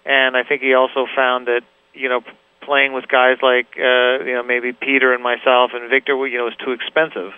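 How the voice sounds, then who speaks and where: A man calling in over a tinny phone line, telling stories as the interview guest. His voice is smooth and resonant, and the sound is dry and close. He rambles a little, with many "you know"s and restarts. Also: mid-range voice, monotone, fairly quick, no room sound. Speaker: guitarist guest. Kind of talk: casual interview chat.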